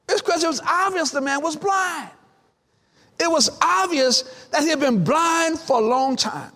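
A male pastor, preaching a sermon with dramatic pauses and building, repeated lines. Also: very high-pitched, bright, forceful tone. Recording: long hall reverb.

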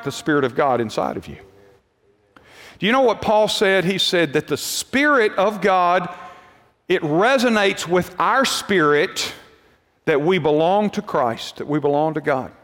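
A man's voice: high voice, fairly bright tone, in a large hall. A man pastor preaching a sermon to his congregation, conversational, with rhetorical questions and repeated points.

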